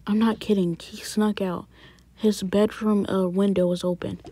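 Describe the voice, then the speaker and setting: A woman's voice: mid-range voice, flat delivery, measured pace, mellow, husky. A woman voicing an anxious young boy who reports his brother's escape in short, urgent lines.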